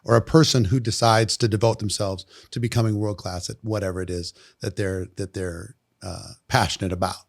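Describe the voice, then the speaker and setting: Guy hosting an interview, gravelly fry in his voice, chatty questions. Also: lowish voice, steady tone, fairly quick, hardly any pauses. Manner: conversational questioner, short reactions. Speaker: interview host.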